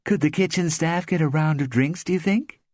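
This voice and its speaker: A man voicing Joan, a brisk, insistent woman friend, in a raised voice. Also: fairly high pitch, a little mellow, no room sound, clean studio sound, voice pushed up, close to an everyday voice.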